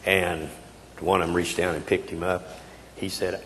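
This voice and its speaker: A man's voice: sits low, level tone, normal speed, fairly bright tone. A man in his eighties giving a keynote speech in a folksy, emphatic way with frequent hesitations. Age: 80s. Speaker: keynote speaker. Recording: reverberant hall, faint noise.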